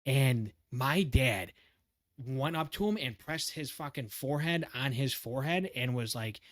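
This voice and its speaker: A young man co-hosting a podcast, telling a story in a casual, animated way, swearing often and laughing as he goes. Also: medium pitch, unhurried, no echo, clean studio sound. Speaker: podcast co-host.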